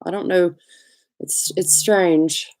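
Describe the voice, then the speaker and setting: A woman's voice: on the low side, steady tone, slow pace, a little mellow. Chatty Southern woman on a livestream. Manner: chatty, laughs often, greets viewers by name. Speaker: livestream host. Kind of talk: casual live chat.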